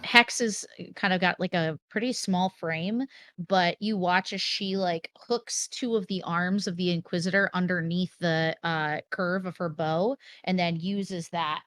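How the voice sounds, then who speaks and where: A woman player describes her character's moves in a tabletop game, steady and descriptive. Her voice sits a little low and sounds dry and close, with no room echo. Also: measured pace. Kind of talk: casual tabletop play.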